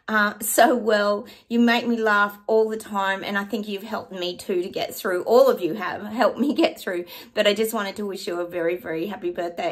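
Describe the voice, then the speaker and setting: A woman's voice: mid-range voice, a bit bright. Effusive woman chatting to viewers. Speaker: psychic channel host. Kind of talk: casual chat to viewers.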